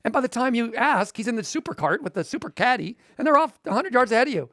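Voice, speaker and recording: A man's voice: very high-pitched, quick pace, no echo, studio quality. A man, a guest author, telling jokey anecdotes in a TV interview. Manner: animated, joking storyteller.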